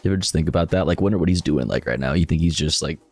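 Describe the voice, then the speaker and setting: A man's voice: extremely low pitch, very fast, a little mellow, slightly rough, soft background music. A man chatting casually and crudely with viewers on a livestream while he reacts to clips.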